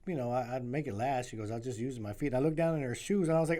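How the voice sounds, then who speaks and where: A man's voice: mid-range voice, rapid-fire, few pauses, mellow. A man co-hosting a podcast, telling a funny story in casual chat with lots of laughter. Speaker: podcast co-host.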